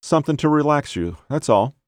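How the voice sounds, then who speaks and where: A man's voice: on the high side, animated, a little fast, darkish tone, no room sound, studio quality, voice pushed up, natural voice. A man voicing an obsessive, cold-blooded husband who mutters his lines through clenched teeth. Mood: falsely soothing.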